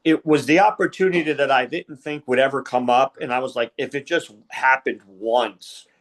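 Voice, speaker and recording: A man's voice: mid-range voice, moderate pace. Rambling middle-aged male referee storyteller. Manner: rambling, retells conversations with many fillers. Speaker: wrestling referee, podcast guest. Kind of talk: casual interview storytelling.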